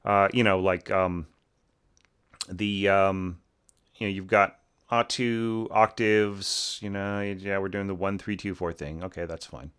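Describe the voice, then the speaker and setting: Male orchestration teacher, lower voice, loose and chatty, sings the lines. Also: fairly even intonation, measured pace, a bit bright, clean tone. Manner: rambling, many fillers, sings phrases as bum bum. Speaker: orchestration teacher reviewing scores. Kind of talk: casual spoken critique.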